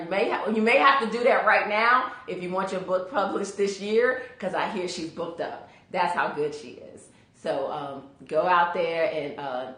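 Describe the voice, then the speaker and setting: A woman's voice: lowish voice, fairly bright tone, echoey room. A woman career coach hosting a casual live stream, chatty and greeting viewers by name, sleepy from allergies.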